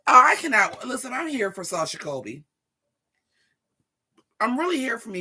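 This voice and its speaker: Vlogger, 40s, sassy profane rant to camera, crisp bright tone. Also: medium pitch, normal speed. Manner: profane, sassy, animated, talks straight to viewers.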